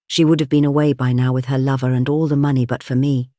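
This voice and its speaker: A calm, sneering manservant with a hacking accent, insinuating and unhurried, as a male reader puts him on. His voice sits mid-range and sounds close and dry. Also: mid-range voice, no echo, natural voice. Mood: placid. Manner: placid, insinuating. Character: placid sneering middle-aged manservant.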